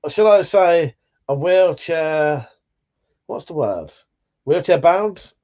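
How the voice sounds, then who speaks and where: Man, livestream host, casual rambling chat, swears a lot, slightly high voice. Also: expressive, slow pace, a little mellow, muffled recording. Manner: rambling, swears freely, laughs often.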